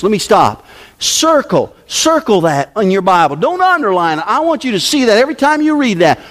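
A man preaching a sermon as pastor, emphatic and forceful, his delivery sweeping up and down. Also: very high voice, sing-song, moderate pace. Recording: long hall reverb.

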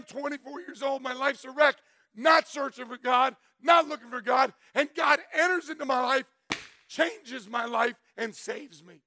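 Middle-aged man, high gravelly voice, loud testimony preacher, dry sound. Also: measured pace, no echo. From Florida. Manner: loud, emphatic storyteller, shouts for emphasis. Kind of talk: sermon testimony.

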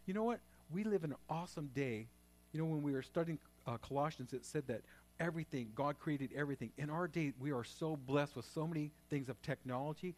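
A man preaching a sermon as pastor, talking conversationally and then rising into loud, fervent prayer. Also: a little high.

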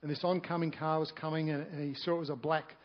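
A man's voice: on the high side, flat delivery, quick pace. A male pastor preaching a sermon in an earnest, pleading way. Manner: earnest and pleading, building to fervent scripture reading. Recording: dull lo-fi sound, faint guitar behind. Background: faint guitar music.

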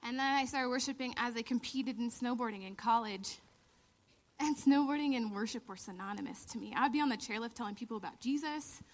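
A woman in her thirties giving a lively storytelling sermon, laughing often and acting out the lines she quotes. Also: fairly high pitch, brisk. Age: 30s. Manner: animated, laughing storyteller who acts out quotes. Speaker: church speaker.

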